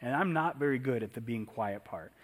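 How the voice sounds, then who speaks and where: A man's voice: mid-range voice, expressive, fairly quick. A man preaching a conversational sermon in a church, often asking the congregation questions. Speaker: pastor.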